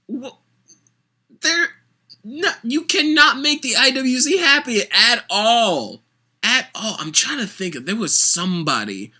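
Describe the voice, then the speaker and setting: Animated, bright-voiced sarcastic wrestling ranter. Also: mid-range voice. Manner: sarcastic, animated, mocks fans with put-on voices. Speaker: wrestling commentator. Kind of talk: opinionated wrestling rant.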